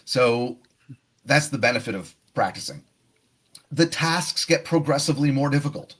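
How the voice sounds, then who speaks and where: A man's voice: mid-range voice, expressive, moderate pace, fairly bright tone. A man teaching a live online test prep lesson, explaining tasks and acting out sample answers. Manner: explanatory, demonstrative.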